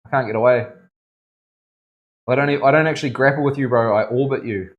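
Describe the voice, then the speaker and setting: A man's voice: medium pitch, a little fast, phone-quality sound. A male tattoo artist chatting casually during a live stream from his studio, joking around and half-mumbling while he concentrates on the work. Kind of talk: casual chat while working.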